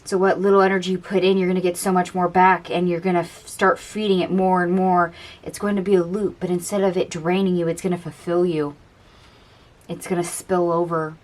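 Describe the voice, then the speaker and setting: Low-voiced woman reading tarot cards. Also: flat delivery, a little fast. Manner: chatty and dreamy, musing aloud over the cards. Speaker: tarot reader. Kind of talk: casual tarot card reading.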